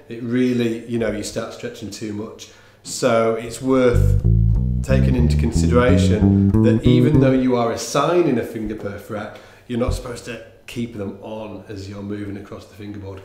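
A man giving a casual online bass lesson, talking in a relaxed, rambling way with lots of fillers and restarts. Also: roomy sound. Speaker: bass teacher. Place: room with instruments, bass played along.

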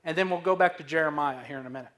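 A man pastor preaching a sermon, slow and emphatic, asking the congregation questions to fill in. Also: fairly high pitch, fairly bright tone. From Missouri.

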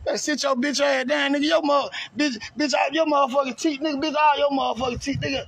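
A man's voice: very high voice, steady tone, quick pace, a bit bright, no echo. A man delivering a confrontational, profane rant on a live video and taunting someone over and over. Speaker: streamer ranting on a live video.

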